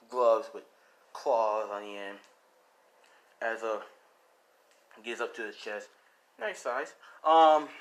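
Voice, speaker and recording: A man's voice: mid-range voice, a bit bright. A young man improvising a fan story as narrator, rambling, with lots of "you know" and "like" fillers.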